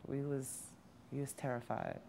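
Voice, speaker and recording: A woman interviewed for a documentary, speaking in a quiet, measured and steady way about her late father. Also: very deep voice, creaky, a little hiss or hum. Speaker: victim's daughter, interviewee. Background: soft background music.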